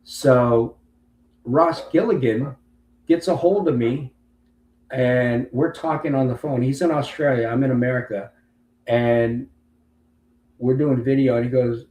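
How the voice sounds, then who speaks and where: A man's voice: mid-range voice, a little slow, long pauses, a little mellow. A man in his late fifties, a Marine veteran and interview guest, telling a long story and acting out other people's lines. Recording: roomy with faint background hum.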